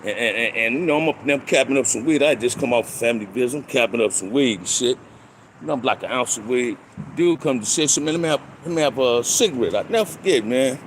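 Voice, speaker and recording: An older man telling stories from his past in casual street slang, and he gets animated when he reenacts fights. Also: medium pitch, fast talker, slight background noise. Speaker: storyteller recounting prison life. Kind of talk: casual storytelling monologue.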